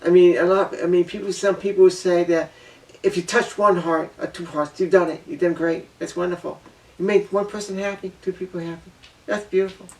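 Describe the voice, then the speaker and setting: A vlogger speaks briskly through an earnest, emotional personal monologue, repeating himself and circling back. His gravelly, fairly high voice keeps fairly even intonation. He sounds distant, sitting a little away from the mic.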